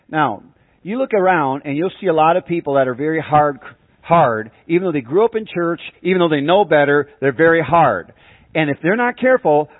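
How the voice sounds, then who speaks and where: A man's voice: on the high side, dry recording. Tinny-sounding male preacher, dramatic delivery. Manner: dramatic, shouts out acted cries in an illustration. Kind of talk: sermon. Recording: tinny phone-like dry sound.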